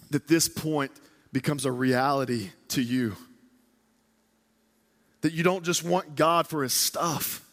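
A man preaching a sermon in a large church hall, telling stories with animated, casual slang. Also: on the high side, slow pace, long pauses. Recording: long hall reverb.

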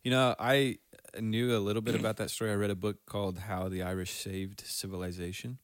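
Male co-host, lowish voice, relaxed sidekick energy, dry sound. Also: dry recording. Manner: relaxed, agreeable, quick backchannels. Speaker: podcast co-host. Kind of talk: casual chat.

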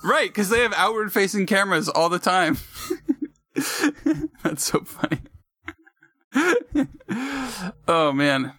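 A man speaking in a bright, sharp tone whose pitch swings around animatedly. He talks at an unhurried pace, laughs often, and agrees warmly before teasing his co-host. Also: big pitch swings. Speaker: podcast co-host. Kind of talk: casual chat.

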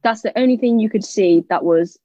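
A young British woman telling a personal story in casual conversation. She is lively and jokey and acts out what other people said. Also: mid-range voice, brisk, no echo. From United Kingdom. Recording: dull, slightly lo-fi, dry sound.

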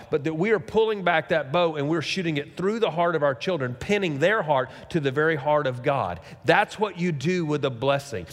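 A middle-aged man preaching a sermon as pastor, talking conversationally and tossing rhetorical questions and asides at the congregation. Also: a little high. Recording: long reverb of a large hall.

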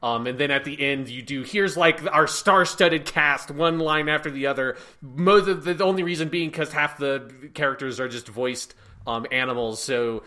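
A man's voice: fairly high pitch, moderate pace, few pauses, pushed and bright. A man co-hosting a podcast, chatting casually in a rambling, sarcastic way with lots of filler words. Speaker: podcast co-host. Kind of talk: casual chat.

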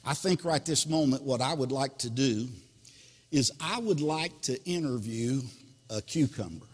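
A man's voice: mid-range voice, a little slow, breathy edge. A male pastor preaching a sermon, reading scripture verses and explaining them. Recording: long hall reverb.

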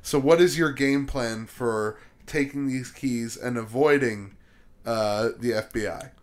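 A man's voice: mid-range voice, unhurried. A man hosting a casual podcast chat, swearing freely and laughing often. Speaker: podcast host.

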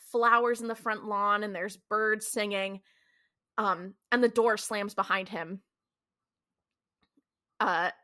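A woman with a pushed, bright mid-range voice co-hosts a podcast, casually recapping a TV episode. She's chatty, drops "like" constantly, and swears freely.

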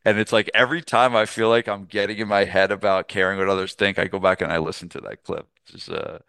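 A man's voice: fairly low pitch, fairly even intonation, fast, sharp tone, clear, resonant tone, no room sound. A middle-aged man hosting a podcast, chatting casually and enthusiastically, rambling with restarts. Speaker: podcast host. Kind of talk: casual interview chat.

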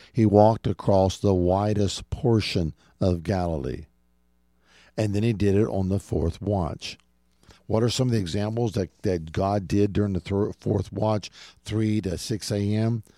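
A middle-aged man delivers a radio sermon in a low, warm, mellow voice. He preaches earnestly and directly, often turning to his listeners as "folks". The sound is close and dry, with no room around it. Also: no room sound. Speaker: radio show host and preacher.

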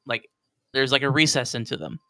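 Man, game master, smooth clear voice, dry sound, loose rambling narration. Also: medium pitch, fairly even intonation, a little fast, bright, forceful tone, no echo. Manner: loose, filler-heavy narration.

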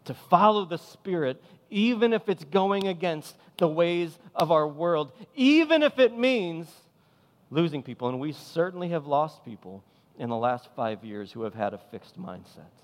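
A pastor with a fairly high voice and lively intonation preaches at normal speed, impassioned and emphatic, repeating phrases to hammer his points. Long hall reverb surrounds his voice.

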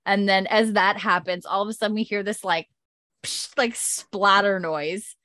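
A woman in casual chat, recapping a TV episode with lively energy and acting out each character's lines, swearing now and then. Her voice sits in a middle pitch range. It is recorded dry and close, with no room sound. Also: normal speed, no room sound. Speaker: show recapper.

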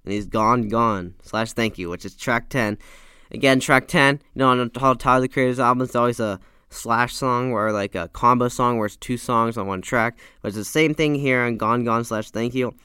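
Man, casual album reviewer, smooth clear voice, dry close mic with pop filter, eager and rambling. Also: medium pitch, normal speed, pushed and bright, no echo. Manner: enthusiastic, rambling, self-correcting. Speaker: music reviewer. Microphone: studio mic with pop filter.

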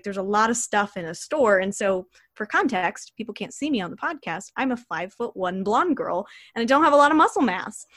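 A woman's voice: medium pitch, no room sound. Young woman, podcast guest, chatty storytelling, lots of fillers, dry close mic. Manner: chatty, animated, frequent "like" fillers. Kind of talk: casual storytelling.

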